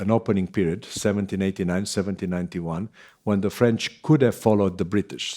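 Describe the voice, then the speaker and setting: A man speaking as a guest scholar in an academic conversation, thoughtful and halting, with many fillers and restarts. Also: lowish voice, a little mellow.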